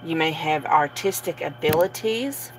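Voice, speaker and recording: Slow, low-voiced woman reading tarot. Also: slight background noise, rough recording. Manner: relaxed, many fillers and soft laughs. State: sleepy, yawning. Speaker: tarot reader. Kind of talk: casual tarot reading to camera.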